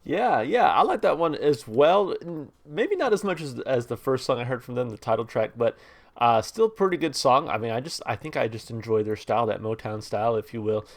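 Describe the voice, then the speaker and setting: A man hosting a music reaction channel, talking through a song in a relaxed, rambling way and reading its lyrics aloud. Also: mid-range voice, fairly quick. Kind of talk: casual music review talk.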